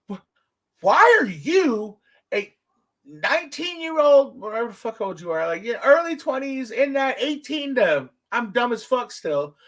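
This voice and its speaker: A man hosting a podcast, telling stories in a casual, profane, animated way. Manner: animated, profane storytelling with big pitch swings. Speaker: podcast host.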